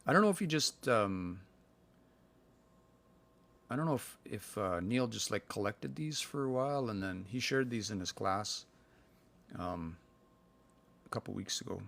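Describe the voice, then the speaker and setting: A man from Canada giving a casual livestream language lesson, thinking aloud and slowly sounding out words between fillers. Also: lowish voice, lively intonation, gravelly, fairly bright tone. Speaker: language learner sharing practice phrases. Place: indoors, livestream. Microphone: phone.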